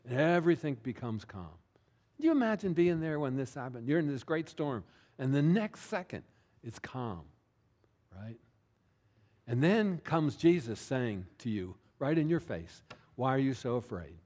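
A man preaching a sermon as pastor, talking in a conversational way, often checking in with listeners and slowing down to stress key words. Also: mid-range voice, very animated, a little mellow.

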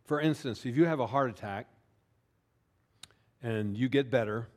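The pastor speaks in a mid-range, slightly mellow voice as he preaches. His style is conversational: he checks in with listeners often and slows down on the words he wants to stress.

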